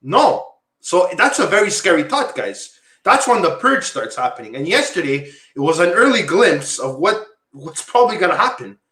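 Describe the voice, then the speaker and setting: A man's voice: high-pitched, sing-song, moderate pace, pushed and bright. A man from Quebec hosting a casual podcast talk show, rambling, repeating himself and calling viewers "guys". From Quebec, Canada. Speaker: podcast host. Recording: echoey room.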